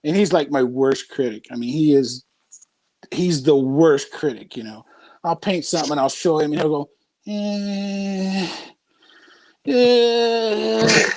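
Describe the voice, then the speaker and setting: A man who is a guest on a casual podcast, telling stories with lively, acted-out quotes. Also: fairly high pitch, normal speed. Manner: animated storyteller, acts out quoted voices. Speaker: guest artist.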